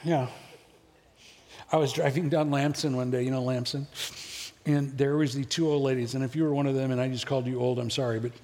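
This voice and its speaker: A man's voice: mid-range voice, little pitch movement, brisk, darkish tone, in a large hall, a little hiss or hum. A middle-aged male pastor preaching a sermon, telling stories and joking with the congregation. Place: church sanctuary.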